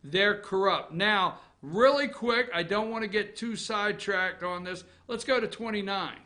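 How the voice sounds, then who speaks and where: A man's voice: high voice, measured pace, sharp tone. Sarcastic ranting male opinion host. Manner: sarcastic, ranting, swears freely; laughs at own jokes. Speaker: political opinion show host. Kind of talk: off-the-cuff political commentary.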